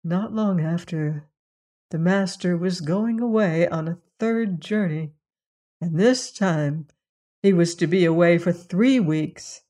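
Slow, measured fairy-tale storyteller. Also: mid-range voice, a little mellow.

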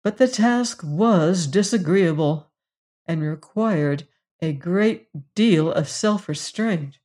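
Measured audiobook narrator, unhurried, mid-pitched. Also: darkish tone. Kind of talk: scripted narration of a classic novel.

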